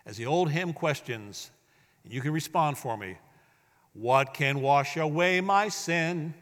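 A man preaching a sermon as pastor, swinging between hushed, drawn-out words and loud, emphatic bursts. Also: fairly high pitch. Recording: long hall reverb.

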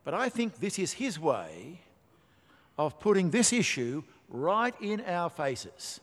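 Male preacher, emphatic and wry, fairly high voice, echoing church hall. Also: very animated, slow pace. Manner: emphatic, rhetorical questions, dry asides. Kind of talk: sermon. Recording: long hall reverb.

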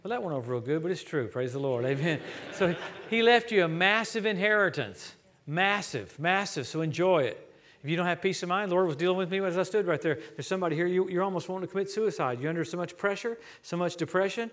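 A middle-aged man from Louisiana preaches in a church, his voice sitting a little on the high side. He tells lively stories and acts out the dialogue as he goes. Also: quick pace. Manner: storytelling, animated preaching with quoted dialogue. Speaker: traveling preacher. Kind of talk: sermon.

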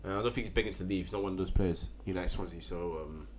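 A man with a lowish voice talks football in a relaxed, easygoing way. He ticks through player names and transfers in a loose list. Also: fast talker. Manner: laid-back, reads out signings in a list. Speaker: podcast co-host. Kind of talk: casual football chat.

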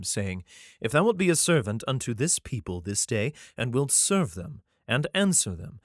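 A man's voice: medium pitch, no echo, studio quality. Irreverent man reading scripture aloud. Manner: irreverent, profane interjections between archaic verses; stumbles and restarts while reading. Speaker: reader and commentator. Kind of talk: comedic scripture reading with asides.

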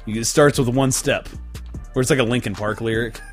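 A man's voice: mid-range voice, fairly even intonation, moderate pace, faint music behind. A young man hosting a podcast, chatting casually in a rambling, profane, joking way. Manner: rambling, profane, jokey storyteller. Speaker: podcast host.

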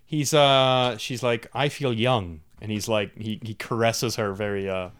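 A man's voice: on the low side, unhurried, fairly bright tone, clear, resonant tone. A man co-hosting a podcast, chatting casually about a movie and joking along as he goes. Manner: amused, chatty, jumps in with jokes. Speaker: podcast co-host. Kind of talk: casual movie recap chat.

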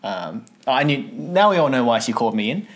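Casual male podcast co-host, mid-pitched, laughing storyteller. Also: brisk. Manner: animated, laughing while telling anecdotes.

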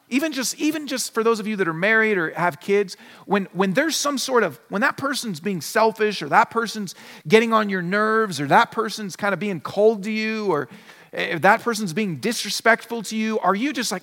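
A pastor preaches in a casual, conversational way, slipping into quick imagined exchanges to make a point. His voice sits fairly high for a man. The sound carries a long reverb from the church hall. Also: a bit bright. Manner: conversational preaching, acts out little dialogues. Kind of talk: sermon. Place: church sanctuary.

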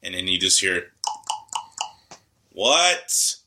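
A man's voice: low-pitched, fairly even intonation, moderate pace, noisy background. A man in his thirties co-hosting a casual podcast, telling wry, exasperated stories about family. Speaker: podcast co-host. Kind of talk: casual chat.

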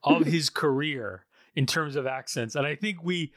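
A man co-hosting a casual film podcast, talking with quick, rambling enthusiasm. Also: on the high side, fairly bright tone, no echo, clean studio sound. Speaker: podcast co-host.

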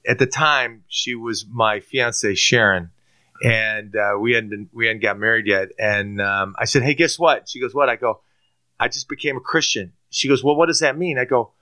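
A man's voice: mid-range voice, moderate pace. A man from Turkey giving a personal faith testimony as a guest, acting out his own past lines and restarting often with repeated words. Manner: animated storyteller who acts out his own past lines; frequent repeated-word restarts.

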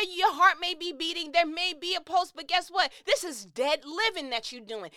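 Fired-up high-voiced woman preaching change. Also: moderate pace, few pauses, bright, forceful tone, no echo, clean studio sound. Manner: repeats phrases for emphasis. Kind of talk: impassioned motivational monologue.

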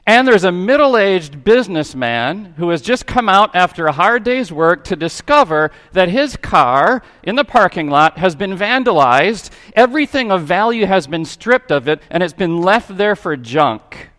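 Animated male preacher in a reverberant church. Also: sits high, measured pace, hardly any pauses. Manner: conversational, lively preaching with rhetorical questions. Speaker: pastor. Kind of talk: sermon. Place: church sanctuary.

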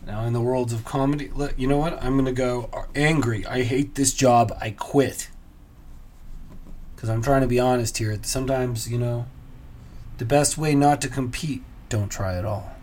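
Male podcast host, mid-pitched, deadpan self-mockery, trailing muttered asides, faint background noise. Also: moderate pace. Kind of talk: solo comedy podcast, casual musing.

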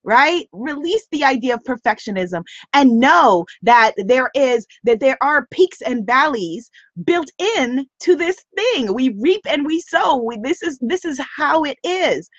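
Emphatic woman hosting a live motivational stream; high, breathy voice over dull lo-fi audio. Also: measured pace, hardly any pauses, dry recording. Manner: animated and emphatic, repeats phrases. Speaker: host of a live broadcast.

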